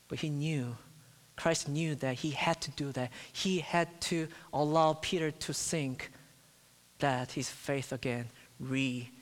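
A man preaching a sermon to his church, slow and deliberate, building to impassioned, pleading cries. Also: mid-range voice. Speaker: pastor. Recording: long reverb of a church hall.

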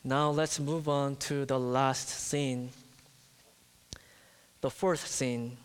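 A man preaching a sermon to his church, slow and deliberate, building to impassioned, pleading cries. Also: mid-range voice, flat delivery, smooth. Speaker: pastor. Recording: long reverb of a church hall.

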